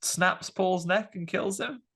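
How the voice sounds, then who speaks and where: A man talks through a film's plot in loose, animated podcast chat, his voice gravelly with a creaky edge. He leans on fillers and restarts as he hosts. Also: high voice, slow pace. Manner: rambling, animated retelling with fillers. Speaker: podcast host. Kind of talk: casual film review chat.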